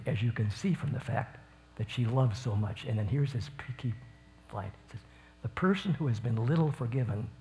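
A man giving informal Bible teaching. He swings from enthusiastic bursts into a quieter retelling of the story. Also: mid-range voice, a little hiss or hum.

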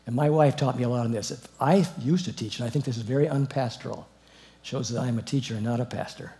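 A man's voice: medium pitch, fast talker, creaky. A middle-aged man teaching the Bible informally, reading verses aloud, commenting on them and chuckling as he goes. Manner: animated, chuckling, reads verses then comments.

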